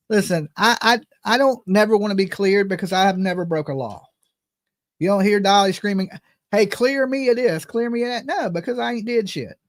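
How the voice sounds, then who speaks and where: A high-pitched man with a drawl hosts his own channel, ranting in a casual, animated way. His talk is loose and joking, with sudden jumps in volume. The sound is dry and close, with no room echo. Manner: animated, joking, drops into mock voices. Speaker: channel host.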